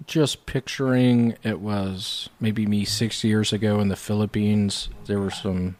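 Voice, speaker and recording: Deadpan man with absurd jokes. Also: fairly low pitch, unhurried, no room sound. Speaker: comedian and podcast co-host. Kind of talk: casual podcast banter.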